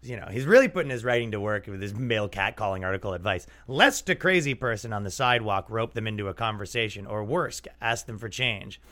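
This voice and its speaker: Animated young man riffing on a podcast. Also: on the low side, fast talker, few pauses. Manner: loose, joking, jumps into exaggerated mock voices. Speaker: podcast host. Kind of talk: casual comedic podcast riffing.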